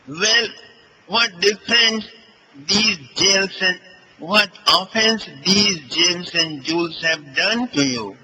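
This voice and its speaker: A man's voice: high-pitched, pushed and bright, husky, voice pushed up, heavily acted, poor audio. A man voicing an earnest, pleading Krishna. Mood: coaxing. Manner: earnest, coaxing, emphatic. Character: tender pleading male god, devoted husband.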